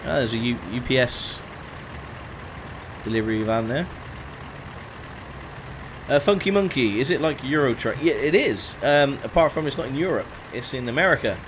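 Casting: young man, casual streamer patter, greets viewers, mid-pitched voice, faint engine hum behind. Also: expressive, moderate pace, pauses often, a bit bright. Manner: chatty, greets chat viewers by name. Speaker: gaming streamer. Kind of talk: casual live-stream commentary.

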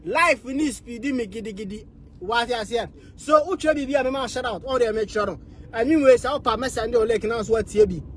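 A man with a Ghanaian accent hosting a podcast, talking in an energetic, casual way and giving shout-outs to listeners. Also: very high-pitched, fairly quick, slight background noise. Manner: energetic, switches between Twi and English. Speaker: podcast host.

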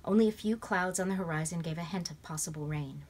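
Expressive female storybook reader, lowish voice. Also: fast talker. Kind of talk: reading a children's novel aloud. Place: at home in bed.

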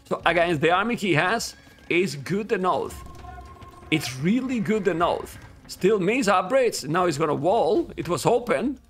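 Male esports caster, Spanish accent, native Spanish speaker, high and sharp voice, excitable, yells at players. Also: a little slow, soft background music. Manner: excitable, talks to viewers as guys, bursts into yelling at players. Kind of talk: live game commentary.

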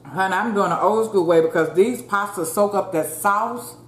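A woman's voice: mid-range voice, moderate pace. A woman hosting a mukbang, chatting in a folksy way with her viewers and murmuring "mm" between bites. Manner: murmurs while chewing. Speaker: mukbang host. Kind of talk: casual eating chat. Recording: roomy echo, faint ambience.

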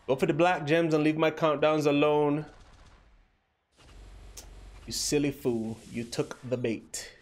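A young man streaming a mobile game and bantering with his viewers, joking and teasing as he plays. His voice sits fairly high for a man, and he takes his time, drawing out his words at an unhurried pace. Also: fairly even intonation. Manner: playful, teasing banter with chat. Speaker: livestream host. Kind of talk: casual gameplay commentary.

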